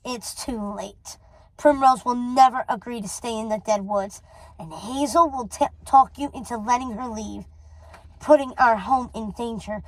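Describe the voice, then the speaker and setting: A woman's voice: a little high, no room sound, lightly acted, low-quality recording. A woman voicing a cold, possessive old witch mother who speaks with icy scorn, reading a storybook aloud. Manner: icy and scornful, then doting.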